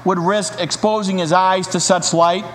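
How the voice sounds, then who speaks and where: A man's voice: sits high, steady tone, a little slow. A man voicing frightened, angry cave dwellers with fearful, scornful outbursts. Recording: reverberant hall, faint hiss.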